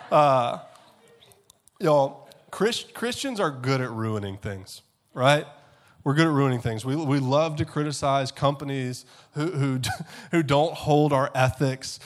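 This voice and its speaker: Male pastor, sermon, animated storytelling, "okay?" asides, repeats words, mid-range voice. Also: mid-range voice, unhurried. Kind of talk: sermon with a comic personal story.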